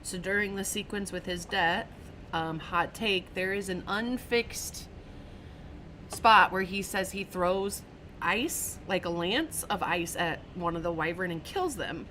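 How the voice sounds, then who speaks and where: Animated woman telling a story, laughing. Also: on the low side, unhurried, slight background noise. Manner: animated, laughing storyteller who acts out quotes. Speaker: stream podcast host. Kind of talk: casual chat.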